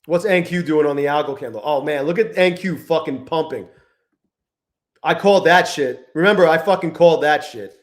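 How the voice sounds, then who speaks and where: A man with a fairly high voice narrates his trades live, swearing in nearly every sentence. He mutters low and bitter, then flares into shouting when a trade turns on him. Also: normal speed. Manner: profane, swings between muttering and shouting at the chart. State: frustrated and angry. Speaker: livestreaming futures trader. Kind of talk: live-stream trading commentary.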